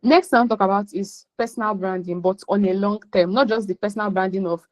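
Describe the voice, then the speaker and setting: A Nigerian woman gives a motivational class talk over a call. She is blunt and emphatic, and she drives her points home by repeating them. Her voice sits in a middle pitch. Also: steady tone, fast, poor audio. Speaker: career coach teaching a class.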